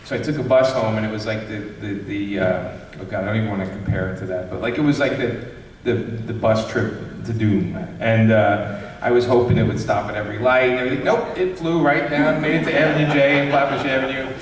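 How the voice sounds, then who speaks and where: A man from Brooklyn, a comics creator hosting a convention panel, tells a funny story in a loose, animated way and acts out the voices of the people in it, laughing often. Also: medium pitch, brisk, few pauses, a little hiss or hum. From Brooklyn, New York. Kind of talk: casual storytelling to a live audience. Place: large convention panel room. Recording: echoey hall, distant mic.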